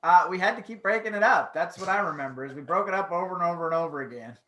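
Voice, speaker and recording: A man's voice: high-pitched, bright, forceful tone. A man co-hosting a casual podcast chat, agreeing often and joking along. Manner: chatty, quick to agree and joke. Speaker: podcast co-host. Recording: echoey room.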